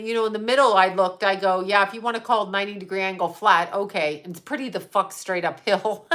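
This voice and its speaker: A psychic medium in her fifties chats casually with livestream viewers, answering them in a bright, forward voice of middling pitch for a woman. She is blunt and sarcastic, swears freely and often laughs between remarks.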